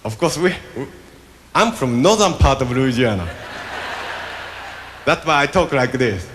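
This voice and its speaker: A man hosting his own live stage show, joking with the audience in halting, slightly broken English. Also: medium pitch, animated, noisy background. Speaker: stage show host and performer. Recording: roomy theater VHS recording with loud band and audience.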